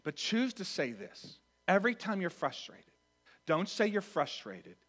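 Male pastor, sermon, high bright voice, shifts between soft asides and loud quotes. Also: measured pace. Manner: animated, swings from hushed to loud acted quotes. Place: church with congregation.

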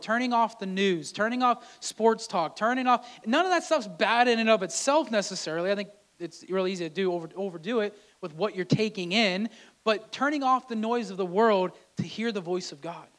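A man's voice: sits high, moderate pace, fairly bright tone. A man preaching a sermon in a conversational way, often repeating and restarting his words. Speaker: pastor.

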